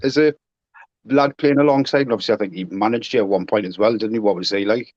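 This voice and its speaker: A man's voice: fairly low pitch, quick pace, darkish tone. A man hosting an interview, asking long conversational questions. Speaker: interviewer, host. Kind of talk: podcast interview. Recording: dull, dry lo-fi sound.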